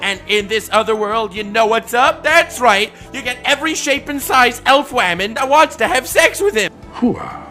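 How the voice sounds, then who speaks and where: A man's voice: very high voice, expressive, moderate pace, few pauses, sharp tone, faint music behind. A man giving comedic anime commentary in a sarcastic, exaggerated, mock-serious manner.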